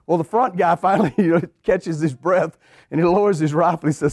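Folksy preacher, fairly high voice. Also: male voice, fairly quick, dry recording, studio quality. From eastern Oklahoma. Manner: animated, drawls folksy phrases, rhetorical questions to the congregation. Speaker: pastor. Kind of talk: sermon storytelling.

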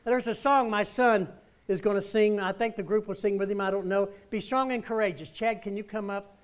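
A high-voiced male preacher delivering a storytelling sermon in a church. He speaks with emphasis and calls the congregation to repeat his words back. His voice sits well above the usual male range. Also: fairly even intonation, a little fast, smooth.

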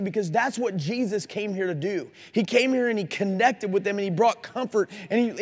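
A man preaching a sermon at a Christian conference, earnest and challenging, asking his listeners direct questions. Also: high-pitched. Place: conference hall. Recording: live recording in a reverberant hall.

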